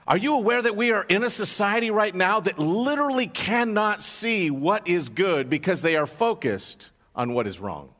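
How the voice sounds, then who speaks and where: A man's voice: fairly high pitch, a bit bright. A man preaching a sermon as pastor, telling a story and asking the congregation rhetorical questions. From United States. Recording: long hall reverb.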